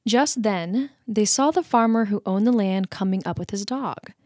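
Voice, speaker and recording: A woman's voice: medium pitch, moderate pace, a little mellow, no echo, studio quality. Playful American woman podcast co-host. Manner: laughs easily, playful. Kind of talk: casual chat and story reading.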